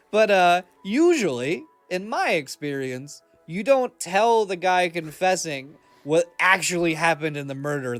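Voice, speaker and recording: A man co-hosting a casual film review podcast, animated and quick to laugh, often acting out lines from the film. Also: fairly high pitch, no room sound. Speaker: podcast co-host.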